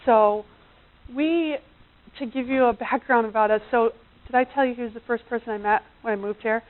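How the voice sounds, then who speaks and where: Chatty woman presenter on a tinny line. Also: moderate pace. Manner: chatty, acts out quotes with big high bursts. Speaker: seminar presenter. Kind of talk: live seminar talk. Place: seminar room. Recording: tinny phone-like sound.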